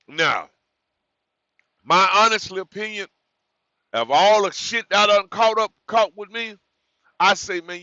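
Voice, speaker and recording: A man's voice: high voice, sing-song, slow, pauses often, pushed and bright, dry recording, lo-fi sound. A man who drives trucks, giving new drivers frank, rambling advice in a casual vlog, correcting himself and repeating words as he goes.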